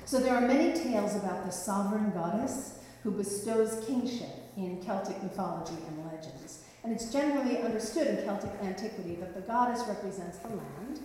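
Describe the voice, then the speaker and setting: A woman storyteller relating an old legend in a reflective way, dropping gently wry asides. Her voice sounds distant from the mic and washes around a long, reverberant hall. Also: medium pitch, slight background noise. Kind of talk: telling a myth. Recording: echoey hall, mic far off.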